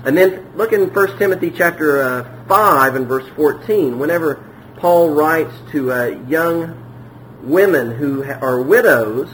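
A pastor preaching a sermon in a relaxed, conversational way, with frequent fillers and restarts. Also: male voice, fairly high pitch, unhurried, slight background noise, rough recording.

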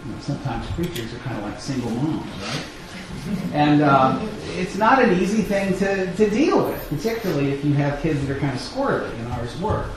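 A middle-aged man preaching a sermon, his voice sitting a little high. He tells stories with animation and acts out the lines of the people in them. The recording carries a strong echo with faint ambience behind him. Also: a little hiss or hum. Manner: animated storytelling, acting out family dialogue. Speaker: pastor. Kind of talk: sermon storytelling.

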